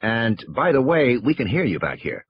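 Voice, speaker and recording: A man's voice: mid-range voice, sing-song, normal speed, slightly rough. A man voicing an upbeat, salesy male park publicist with a chirpy tour-guide patter. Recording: dull lo-fi recording.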